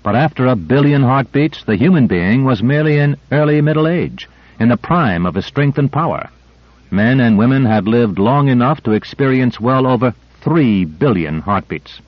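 A man reading an audiobook in a steady, measured narration. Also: medium pitch, no echo, lo-fi sound. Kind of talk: scripted narration.

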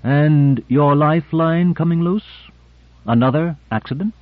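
A man's voice: a little high, a little slow, no echo, narrow, tinny audio, pitched above the performer's own voice, close to an everyday voice. Male reader playing sardonic probing man, sly, dry phone-thin audio.

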